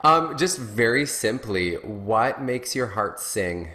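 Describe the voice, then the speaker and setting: A man hosts a casual podcast chat, his voice very deep. He encourages his guest, laughs along and fires off quick, simple questions. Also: lively intonation, bright, forceful tone, a little hiss or hum. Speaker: podcast host.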